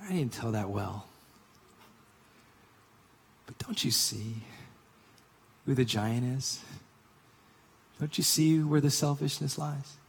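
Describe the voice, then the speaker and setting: A man preaching a sermon, telling and reading a story in an earnest manner that swings from emphatic to hushed. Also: medium pitch, slow, gravelly, long pauses, slightly rough, in a large hall. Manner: earnest, builds to emphatic reading then drops to hushed whisper.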